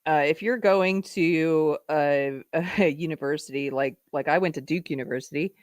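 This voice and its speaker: Female host of a live commentary show: sarcastic, lively, a bit low-pitched, dry close sound. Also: normal speed, no room sound. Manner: sarcastic, animated, laughs often.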